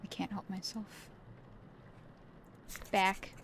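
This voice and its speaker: A woman's voice: mid-range voice, level tone, very slow, creaky, slight background noise. Playful woman streaming a horror game. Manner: playful, chatty, talks to the game characters and puts on silly voices. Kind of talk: casual live-stream commentary. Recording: game ambience under the voice. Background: game sound ambience.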